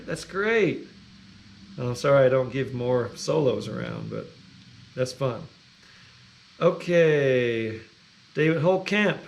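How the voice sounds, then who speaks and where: A man's voice: medium pitch, gravelly. A middle-aged man hosting a music livestream, chatting casually and greeting viewers by name. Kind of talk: casual chat reading viewer comments.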